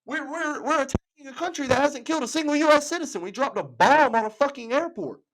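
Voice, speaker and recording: A man's voice: extremely high pitch, fast, a bit bright, low-quality recording. Male host delivering a heated, swearing rant from home. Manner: angry, profane, heavy emphasis. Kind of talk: ranting commentary. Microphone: home setup.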